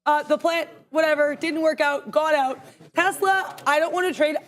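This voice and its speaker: A young woman co-hosting a live trading stream, emphatic and excitable, thinking out loud as she makes trades. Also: high-pitched, moderate pace. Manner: emphatic, excitable, talks to herself aloud. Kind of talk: energetic live market commentary.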